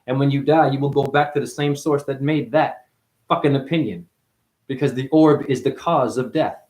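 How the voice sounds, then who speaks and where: Calling the listener honey, this male spiritual speaker rambles through a profane, wordplay-heavy monologue, moving from muttering to excited outbursts. His voice is mid-range at a normal speed, heard with a roomy echo.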